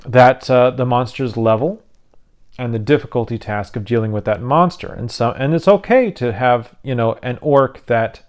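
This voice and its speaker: A tired man with a medium-pitched, darkish voice hosts his own YouTube channel, yawning as he explains tabletop game rules. He rambles casually and restarts often.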